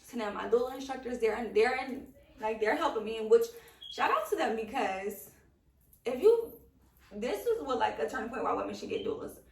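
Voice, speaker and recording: Chatty podcast co-host, gravelly voice, animated storyteller; echoey room, distant mic. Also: female voice, on the high side, brisk. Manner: animated storytelling, acts out quotes. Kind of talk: casual chat, personal story.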